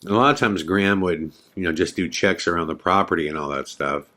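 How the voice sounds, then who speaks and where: A man's voice: low-pitched, quick pace, pushed and bright. A man hosting a podcast, telling a story in a casual, rambling way with many fillers. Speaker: podcast host.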